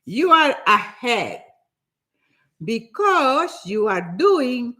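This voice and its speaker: An older woman giving a motivational talk in an animated, preachy way, often repeating herself for emphasis. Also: fairly high pitch, extremely slow. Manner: acts out other people's nagging voices. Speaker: motivational speaker.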